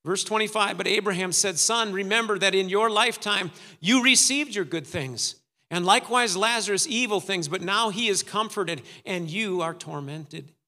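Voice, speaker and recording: A man's voice: high voice, moderate pace, bright, forceful tone, in a large hall. A man preaching a sermon, dramatic, acting out the voices of the story's figures. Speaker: pastor.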